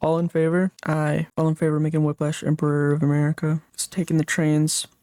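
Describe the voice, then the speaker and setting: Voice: mid-range voice, monotone, fairly quick, dark tone, smooth, no echo, studio quality. A young adult livestreamer chatting casually late at night while gaming, rambling and reading chat comments aloud before answering them.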